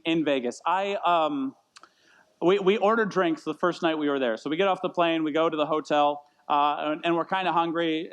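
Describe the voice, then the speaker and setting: A man in his thirties preaching a casual sermon, rambling and self-deprecating, often repeating words as he tells stories. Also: fairly high pitch. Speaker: pastor. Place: church meeting in a brewery.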